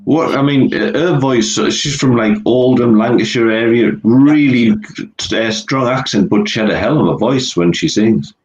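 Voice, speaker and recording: Joking host in a roomy space. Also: male voice, mid-range voice, normal speed, dull audio. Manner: teasing, joking. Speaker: podcast host. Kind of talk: casual interview chat. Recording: roomy with faint noise.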